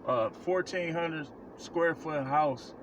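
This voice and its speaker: A man preaches advice straight to camera, blunt and emphatic, hammering points with repetition. His voice sits a touch high for a man. Faint vehicle noise hums in the background. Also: takes it slowly, dull audio. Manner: blunt, emphatic, repeats himself for stress. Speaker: self-described prophet giving life advice. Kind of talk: casual preaching monologue to camera.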